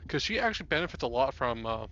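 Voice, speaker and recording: A man talking over an online voice chat while gaming, thinking aloud and pausing often to find words. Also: mid-range voice, sing-song, pushed and bright, muffled recording. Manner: halting, thinks aloud about builds. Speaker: co-player. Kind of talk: casual gameplay chat.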